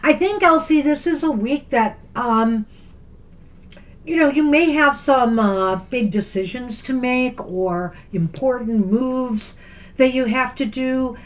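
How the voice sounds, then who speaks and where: Chatty high-voiced woman tarot reader. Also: slow pace. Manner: chatty, laughs often, rambling with fillers. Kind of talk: casual live tarot reading.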